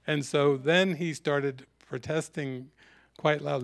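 A man's voice: mid-range voice, steady tone, takes it slowly, pauses often. A man teaching a spiritual retreat, telling stories and reflecting in a sermon-like talk. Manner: storytelling, reflective, quotes scenes.

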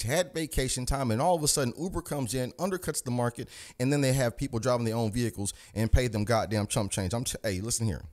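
Brief: American man, channel host, combative profane monologue, average pitch. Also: darkish tone. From United States. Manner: profane, combative, preaching, talks straight at the listener. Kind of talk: fiery political rant to camera.

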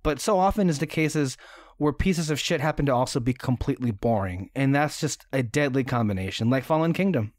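A man's voice: medium pitch, lively intonation, brisk, no room sound, studio quality. A man co-hosting a podcast in casual chat, rambling with lots of ums and likes. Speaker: podcast co-host sharing his movie list.

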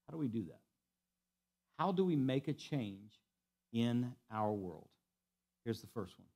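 A man's voice: medium pitch, expressive, unhurried, pauses often. Man preaching with swinging intensity. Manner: preaching with repeated emphatic lines, swinging from quiet to loud. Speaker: pastor. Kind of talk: sermon. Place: church sanctuary.

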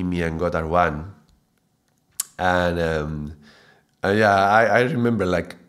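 Low-voiced man teaching mantra, reflective. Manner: reflective, builds to excited laughing bursts. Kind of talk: spoken video lesson.

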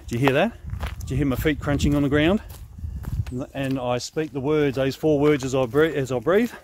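An Australian man, a host and spiritual director, teaching prayer walking in a relaxed, conversational way while walking in the bush, slightly short of breath. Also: medium pitch, moderate pace. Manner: relaxed, conversational, often asks "right?". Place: outdoors in bushland on a walking track. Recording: faint outdoor noise.

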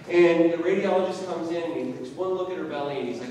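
A man's voice: medium pitch, quick pace, hardly any pauses, a little mellow, recorded from a distance, slight background noise. A man preaching a sermon as pastor, telling a personal story in a loose, conversational way. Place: church hall. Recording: echoey hall, voice from afar.

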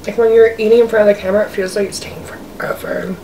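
A fast-talking woman with a mid-range voice and little pitch movement, a mukbang vlogger eating on camera in her apartment. She chats casually and rambles, filling her speech with "like." It's captured by the camera's own zoomed-out mic from a distance, with faint hiss.

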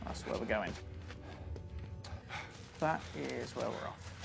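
A man's voice: medium pitch, lively intonation, slow pace, gravelly. Chatty man streaming a game. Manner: chatty, self-mocking, talks to viewers. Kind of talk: live gameplay commentary. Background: game music.

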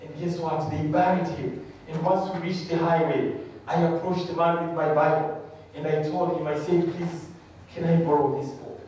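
A man's voice: a little high, moderate pace, a little hiss or hum. A man from Rwanda, giving a testimony sermon as a guest speaker and acting out the voices in his story. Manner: animated storyteller who acts out quoted voices. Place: church hall. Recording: very echoey hall, mic far off.

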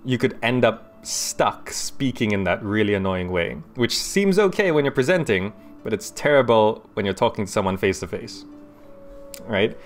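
A man with a fairly low voice talks his way through a strategy game, chatty and quick to laugh. He thinks aloud as he plays, recorded close on a desk microphone at home with faint game music underneath. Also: sing-song. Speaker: gaming YouTuber. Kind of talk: casual let's-play commentary.

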